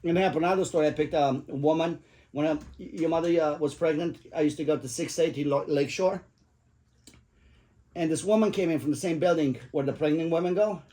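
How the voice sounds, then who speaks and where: A man's voice: on the high side, a little fast, dark tone. Rambling, profane middle-aged man. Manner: rambling, profane, jokey anecdotes. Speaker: father telling stories to his family. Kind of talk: casual storytelling at the dinner table.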